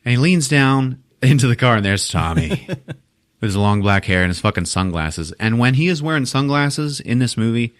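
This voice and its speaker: A man's voice: mid-range voice, animated, normal speed. A man hosting a podcast, animatedly retelling a movie scene and laughing often, with casual swearing. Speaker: podcast host. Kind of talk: comedic movie recap.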